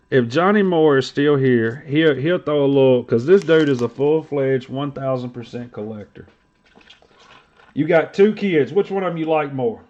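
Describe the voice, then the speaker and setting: A middle-aged man, hosting a casual livestream chat and telling stories in a blunt, profane, animated way. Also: medium pitch. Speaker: livestream host. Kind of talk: casual card-collecting talk. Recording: dull lo-fi stream audio.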